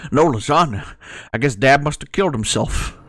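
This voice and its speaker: A man's voice: on the high side, huge pitch swings, measured pace, fairly bright tone. A male streamer reacting to a video, ranting profanely and laughing often.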